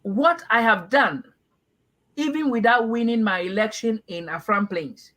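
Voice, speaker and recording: A middle-aged Ghanaian man from Ghana, giving earnest, measured interview answers with frequent restarts. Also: high-pitched, sharp tone, rough recording. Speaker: party aspirant guest.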